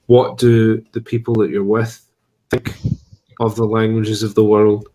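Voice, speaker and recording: A man's voice: fairly low pitch, little pitch movement, a little slow, dark tone. Man dryly running a party game. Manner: dry teasing, hesitant restarts. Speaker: game host. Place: at home during lockdown.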